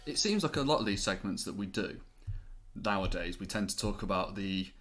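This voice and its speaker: A man's voice: lowish voice, lively intonation, brisk, fairly bright tone, faint music behind. A man co-hosting a podcast, bantering and swearing freely with his co-host. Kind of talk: casual chat.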